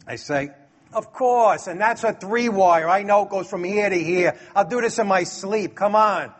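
A middle-aged man from Brooklyn tells a personal story. His voice is pitched high with a husky edge. He acts out the dialogue and chuckles along the way. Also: normal speed. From Brooklyn, New York.

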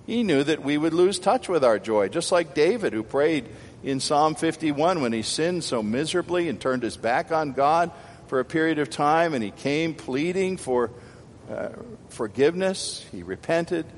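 An older male pastor delivers a sermon, his voice ringing out in a church hall with a long reverb tail. He swings between loud, emphatic exhortation and soft, chatty asides. A faint low rumble sits under the room. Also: animated, normal speed.

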